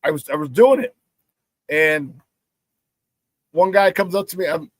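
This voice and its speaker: A lively male sports talk host with a fairly high voice, recorded dry and close. He tells stories casually and animatedly, and acts out the quotes. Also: a little slow, dry recording.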